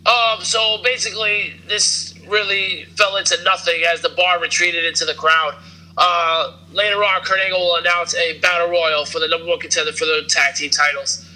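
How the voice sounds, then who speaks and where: High, bright-voiced man rambling through a recap. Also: fairly even intonation, moderate pace, poor audio. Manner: rambling, filler-heavy, joking. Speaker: podcast host. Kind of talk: casual wrestling recap chat.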